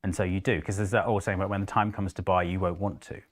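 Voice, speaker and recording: A man's voice: low voice, fast talker. A man co-hosting a live market show, chatty, acting out what investors say to themselves. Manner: animated, acts out investors' inner voices. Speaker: co-host.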